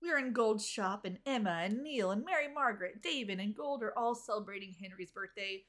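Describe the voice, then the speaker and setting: A woman co-hosting a relaxed recap chat. She sounds tired and wry, with quick asides and a mid-range voice. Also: medium pitch. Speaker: podcast co-host recapping a TV episode. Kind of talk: casual chat.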